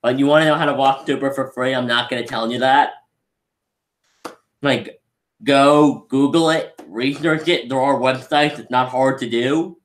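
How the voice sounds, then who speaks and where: An excitable man gives a casual live review of an anime film, and he keeps restarting his sentences. His voice sits at a middle pitch, and it rings in an echoey room. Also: moderate pace. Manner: rambling, excitable, lots of restarts.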